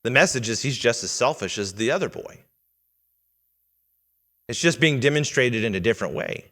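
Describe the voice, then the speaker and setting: A man's voice: medium pitch, lively intonation, normal speed, a bit bright. A man preaching a sermon in a church, earnest and teaching in tone, asking the congregation questions. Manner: earnest, teaching, with quoted lines read in character. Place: church sanctuary. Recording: long reverb of a church hall.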